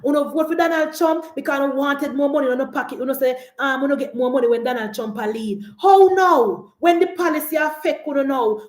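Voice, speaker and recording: A Jamaican woman with a slightly high voice gives an animated, scolding political rant. She mocks the people she is talking to and draws out her points. Her voice rings in an echoey room. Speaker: political commentator.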